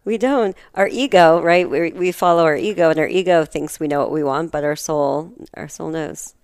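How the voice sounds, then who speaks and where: Smooth low-voiced woman, dry sound. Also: moderate pace, darkish tone, dry recording. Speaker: astrologer guest. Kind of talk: casual spiritual chat.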